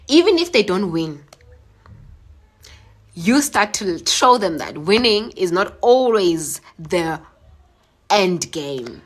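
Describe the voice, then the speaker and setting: A woman's voice: mid-range voice, very animated. A young woman, teary after crying, talking earnestly and emotionally on a phone live stream and answering comments. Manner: emotional, heartfelt, halting with fillers.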